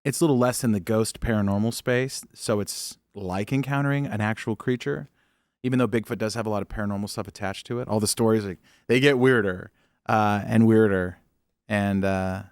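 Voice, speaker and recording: A man's voice: fairly low pitch, fairly quick, smooth, no room sound. Male podcast co-host, joking, loose conversational delivery, dry studio sound. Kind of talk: casual podcast chat.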